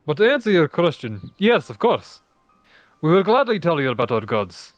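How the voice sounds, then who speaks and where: A man's voice: a little high, sing-song, normal speed, dry recording, soft background music. A man voicing a modest, grateful fisherman from a village, as a fan reading of game dialogue on a dull home mic. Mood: earnest. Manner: friendly, modest.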